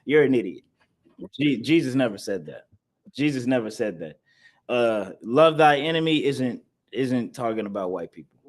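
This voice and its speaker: Man, scripture class teacher. Emphatic, preachy, and repetitive, with average pitch. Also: lively intonation, normal speed. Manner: emphatic, repetitive, laughs between points. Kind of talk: preaching-style scripture lesson.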